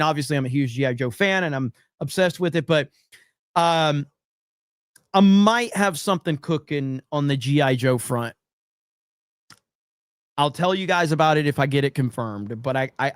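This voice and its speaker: A man's voice: fairly high pitch, smooth, no room sound. A man hosting a live-streamed talk show, reading chat messages aloud in a blunt, profane, sarcastic way and often restarting his sentences. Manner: sarcastic mock-earnest delivery, blunt and profane; frequent restarts and stammering. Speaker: livestream podcast host.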